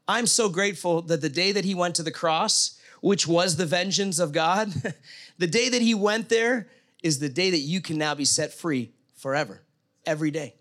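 A man's voice: fairly high pitch, moderate pace, a bit bright. A middle-aged man preaching a conversational sermon, telling a story and asking his listeners questions. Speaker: pastor.

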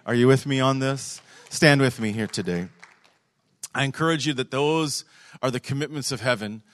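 A man's voice: medium pitch, moderate pace, no echo. Middle-aged man, pastor, emphatic repetitive sermon delivery, dry close sound. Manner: emphatic, repeats phrases for stress. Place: church service.

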